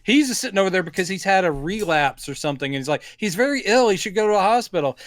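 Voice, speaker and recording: A man's voice: high-pitched, animated, quick pace, no room sound. A man from Mississippi without a Southern accent, co-hosting a podcast in casual, joking movie chat. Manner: joking, chatty, full of restarts. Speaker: podcast co-host.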